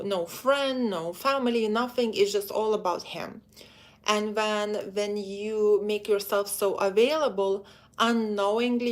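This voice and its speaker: Chatty woman coaching ladies on dating. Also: mid-range voice. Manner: chatty, direct, addresses viewers as ladies; acts out quoted men in quick put-on voices. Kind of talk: live-stream advice talk.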